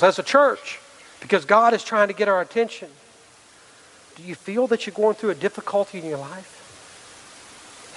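A middle-aged man preaches with earnest conviction, often stopping to ask his listeners questions and restarting his sentences. His voice sits a little high for a man. It rings out with the long reverb of a large church hall. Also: fairly bright tone. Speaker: pastor. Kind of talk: sermon.

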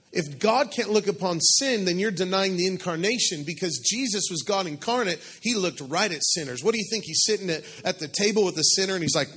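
Animated, joking male preacher. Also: high-pitched, moderate pace, husky. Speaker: pastor. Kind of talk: sermon.

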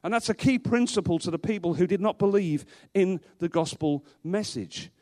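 High-voiced man preaching emphatically. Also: normal speed, mellow. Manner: emphatic, repeats rhetorical questions. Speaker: pastor. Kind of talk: sermon. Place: church, before a congregation.

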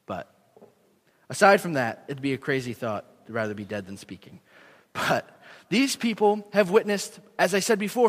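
A young man delivers a sermon from the front of a church, earnest and animated, at times laughing at himself. His voice sits high for a man. The big sanctuary wraps every word in a long, ringing reverb. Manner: earnest, animated, self-deprecating. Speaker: preacher. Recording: long echo of a large hall.

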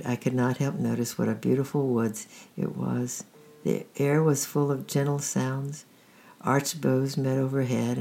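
A storyteller reading a first-person storybook in a quiet, steady way with a creaky, husky voice. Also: mid-range voice.

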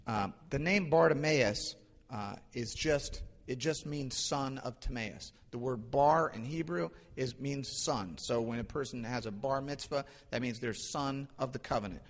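A man's voice: mid-range voice, a little slow. A man preaching a sermon in a conversational, storytelling way, with frequent restarts. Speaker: pastor. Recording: long hall reverb.

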